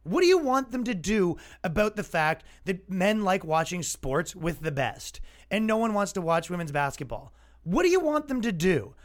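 Brief: man, comedy podcast host, high voice, sarcastic rant, acts out both sides. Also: sing-song, normal speed. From Canada. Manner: sarcastic, mocking, acts out imagined dialogue.

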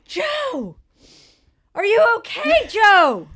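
A woman doing a frantic little olive shouting. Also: wildly swooping pitch, very slow, heavily acted. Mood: panicked. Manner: frantic high-pitched shouting. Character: panicking olive friend shouting for his buddy.

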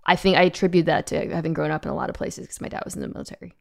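A woman guest in casual podcast chat, talking in a flat, dry way. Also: lowish voice, racing, vocal fry. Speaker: football analyst guest.

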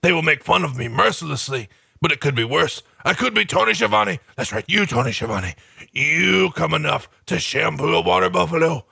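A deadpan wrestler with a thick mock Russian accent and a gravelly, crackling voice, put on by a man. He talks in stiff broken English, bright and edgy in tone. The sound is dry and close. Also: a little high, fairly quick, no echo, voice pushed up, exaggerated voice.

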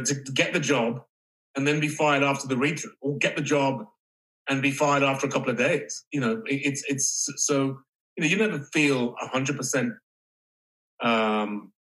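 A male actor speaking as an interview guest, halting and reflective, with casual swearing. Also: mid-range voice, a bit bright, low-quality recording. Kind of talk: candid interview conversation.

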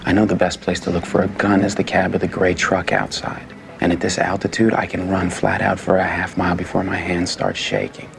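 An actor playing a calm, precise amnesiac agent in a film clip, speaking in a low, measured, intense way. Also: male voice, gravelly. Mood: tense, puzzled. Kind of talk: film dialogue. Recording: film clip with traffic noise.

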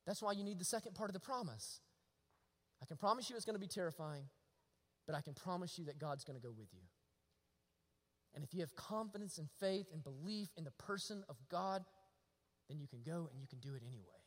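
A man, preaching a sermon that swings from loud declarations to hushed, quiet passages. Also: on the high side, very animated, normal speed. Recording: long hall reverb.

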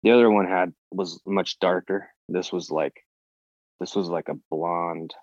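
A man with a very deep, low voice tells his story in loose, animated conversation, cursing freely and acting out what he said in the moment. The sound is dry and close, and the audio is a bit dull and muffled. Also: unhurried, no echo. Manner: animated, swears freely, acts out his own reactions. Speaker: podcast guest.

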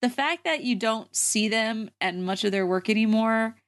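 A woman's voice: fairly high pitch, moderate pace. Giggly young woman chatting about a movie. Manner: giggly, lots of "like" and laughter. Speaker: podcast co-host. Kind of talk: casual movie discussion.

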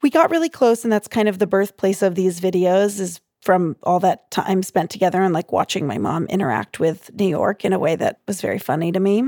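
A woman's voice: fairly low pitch, brisk, few pauses, no room sound, clean studio sound. Chatty young woman telling stories. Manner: chatty, animated, lots of fillers. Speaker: guest comedian. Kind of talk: casual interview storytelling.

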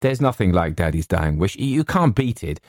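A put-upon young writer snaps and blusters in a low, gravelly voice, as a man reads him. His pitch jumps around a lot, and the sound is dark and dry. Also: very animated, moderate pace, dry recording. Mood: blustering. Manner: clipped, exasperated, blustering. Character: put-upon young male writer, gloomy then giddy.

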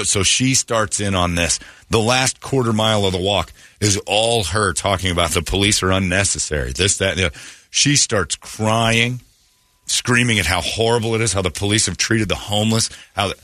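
A male talk radio host tells a long story in a sarcastic, mocking, rambling style. His voice sits a little low but has a bright, forceful edge. It is recorded dry and close on a studio microphone. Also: moderate pace, no room sound.

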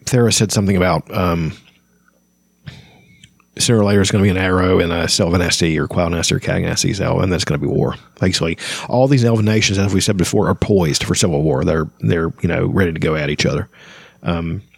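This is an informal reading of a fantasy novel, where a man stumbles through passages and fills the gaps with summaries and frequent ums and uhs. His deep voice is creaky and slightly rough, and he talks quickly; there's no room sound.

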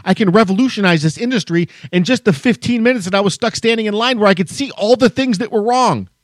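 In a clean, dry studio recording, a man co-hosting a podcast speaks fast in a high voice. During casual conversation, he tells a lengthy story as a heated, profanity-laced rant.

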